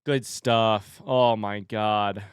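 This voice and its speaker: A man's voice: on the low side, fairly even intonation, drawn-out words, clean tone, no room sound, studio quality. A man chatting casually on a livestream, rambling and reading viewer messages aloud.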